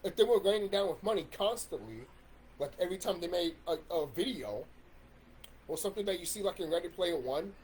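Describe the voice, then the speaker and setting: A man's voice: high voice, expressive, brisk, a little mellow, slight background noise. A man in a casual ranting monologue about video games, swearing and rambling with restarts. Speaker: YouTube commentator.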